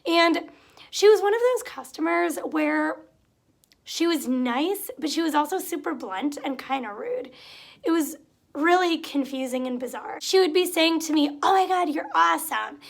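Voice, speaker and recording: A young woman vlogger tells retail stories in a casual, chatty way, growing exasperated as she acts out what customers said. Her voice sits high and sounds gravelly and expressive, a little slow. She's recording in a room at home with a cat nearby.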